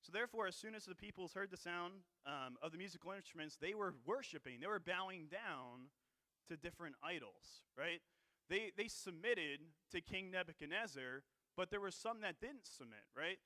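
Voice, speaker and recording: A man preaches a sermon in church with a bright, forceful, slightly high voice, speaking expressively at normal speed. He's conversational, full of fillers and "right?" tag questions, and keeps clearing a dry throat. The sound is close and dry, with no echo.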